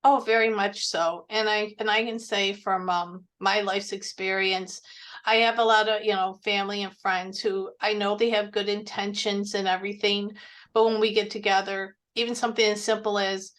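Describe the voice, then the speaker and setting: A woman's voice: mid-range voice, level tone, normal speed, fairly bright tone. A woman in her forties, a podcast guest, talking candidly about her own experience in a casual chat. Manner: candid, speaks from personal experience.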